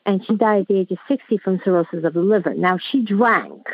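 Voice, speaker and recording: A woman's voice: mid-range voice, a little fast, husky, no room sound. A woman calling in to a radio show, talking in a rambling, hesitant way with many fillers and restarts. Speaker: caller. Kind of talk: phone-in conversation. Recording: tinny phone line.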